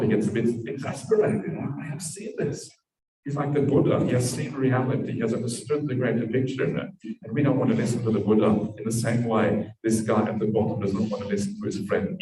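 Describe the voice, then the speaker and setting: Male monk teacher, low and mellow, dharma talk, distant echoey mic. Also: steady tone, fast talker, slight background noise. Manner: storytelling with frequent tag "yeah"s. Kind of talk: dharma talk at a meditation retreat.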